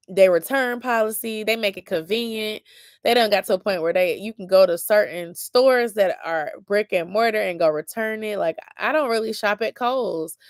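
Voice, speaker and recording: A woman's voice: mid-range voice, clear, resonant tone, no room sound, studio quality. A young woman, chatting casually and a bit sleepily with viewers in a rambling, informal way. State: sleepy, yawning. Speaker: lifestyle vlogger. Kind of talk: casual late-night chat with viewers.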